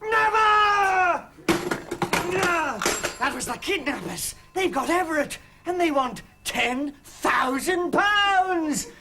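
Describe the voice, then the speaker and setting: A blustering outraged gent. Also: male voice, extremely high pitch, lively intonation, slow pace, very noisy, pitched above the performer's own voice, exaggerated voice. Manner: blustering, shouting. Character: furious pompous English gentleman. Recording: music playing loudly behind.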